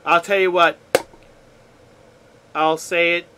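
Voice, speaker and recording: A man's voice: a little high, flat delivery, slow pace, background noise. A man streaming a game, chatting casually with viewers in a laid-back, playful way and swearing often. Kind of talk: casual chat with chat while gaming.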